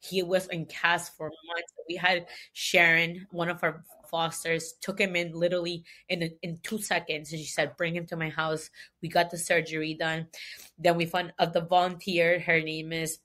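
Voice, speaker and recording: Animated rescue founder woman telling a story. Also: on the low side, normal speed. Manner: animated, emotional, many restarts. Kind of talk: casual storytelling.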